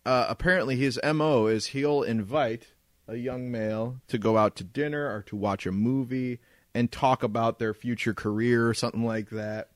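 A man's voice: medium pitch, fairly even intonation, moderate pace, dry recording, clean studio sound. A man co-hosting a podcast, chatting casually at someone's home, joking and laughing often. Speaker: podcast co-host. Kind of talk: casual chat. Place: indoors, home.

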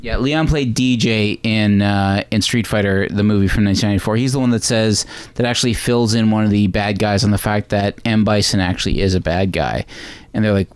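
A man hosting a casual movie podcast, rambling through plot recaps with quick asides. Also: lowish voice, fairly even intonation, clean tone, no room sound. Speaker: podcast host.

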